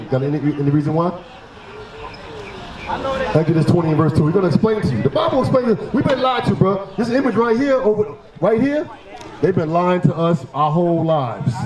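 A man preaching on a city street, forceful and confrontational, firing rhetorical questions at passersby. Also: high voice, reverberant, poor audio. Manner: forceful, fires rhetorical questions, repeats "right?".

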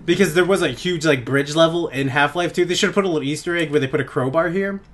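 A young man giving crude, goofy gameplay commentary on a headset in his bedroom, often laughing and yelling out suddenly. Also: a little high, quick pace. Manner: goofy, giggly, crude jokes, sudden loud outbursts. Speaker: gaming let's play host.

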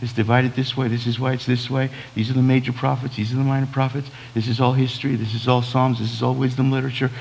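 A man's voice: medium pitch, little pitch movement, fast talker, gravelly, few pauses, a little mellow, in a large hall, slight background noise, poor audio. A man, a pastor preaching a sermon in a conversational way, full of restarts and quoted asides. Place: church sanctuary.

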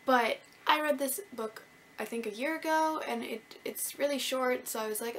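A woman's voice: high voice, normal speed, a bit bright, slight background noise. A young woman from Canada, a book vlogger chatting to camera in a bubbly, gushing and self-mocking way. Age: young adult. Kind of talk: casual chat to camera.

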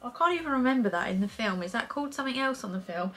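A young woman reviewing makeup in a chatty, excitable vlog, peppering her talk with fillers. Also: fairly high pitch, very fast. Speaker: beauty vlogger. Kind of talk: casual product review.

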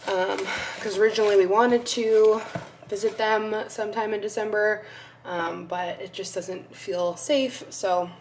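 A young woman vlogging casually at home, gushing and excitable, sometimes dropping to a soft voice. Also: mid-range voice, unhurried. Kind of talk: casual vlog chat. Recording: faint background noise.

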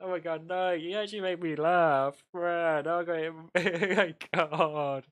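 A man live-streaming a game, giggling constantly and yelping excited exclamations between casual chat. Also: a little high, slow. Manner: giggly, laughing through his words.

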